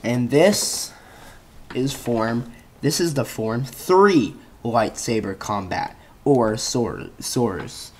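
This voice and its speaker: A man reads a reference page aloud at a slow, unhurried pace, often tripping over words and starting them again. He drops short, offhand comments between passages. His voice sits at an ordinary middle pitch. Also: expressive. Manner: halting reading with frequent restarts and self-corrections. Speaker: channel host.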